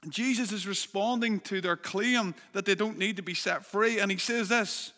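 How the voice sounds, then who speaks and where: Earnest male preacher, slightly high and bright-toned, recorded in a hall with a long echo. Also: animated, moderate pace. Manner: earnest, builds emphasis with rhetorical questions. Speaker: pastor. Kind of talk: sermon.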